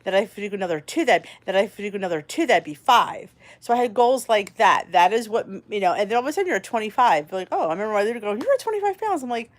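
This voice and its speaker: A woman's voice: medium pitch, animated, racing, few pauses. A woman in her forties hosting a casual chat, talking in a rambling, candid way. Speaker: host.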